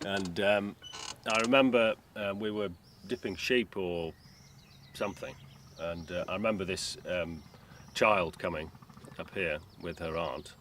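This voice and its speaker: A man's voice: low-pitched, measured pace, fairly bright tone. A middle-aged man from Cumbria, a farmer, speaking modestly and hesitantly in a documentary interview recorded outdoors. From Cumbria, England. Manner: modest, hesitant, many ums. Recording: outdoor noise, rural background.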